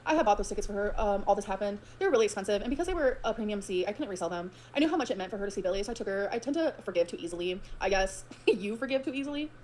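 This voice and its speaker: A woman's voice: mid-range voice, expressive, very fast, few pauses, darkish tone. A woman ranting to her viewers, profane and emotional, swinging between grievance and sarcasm. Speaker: streamer ranting on her own stream. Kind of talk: rapid unfiltered rant.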